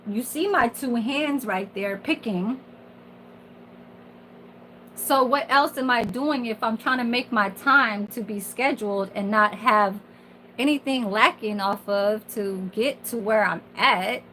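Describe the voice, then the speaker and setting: A woman in her forties talks candidly and profanely, rambling through a casual vent with plenty of fillers. Her voice sits a touch higher than most. A faint hum of noise lies underneath. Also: takes it slowly, sharp tone, poor audio. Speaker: kitchen worker. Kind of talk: casual venting monologue.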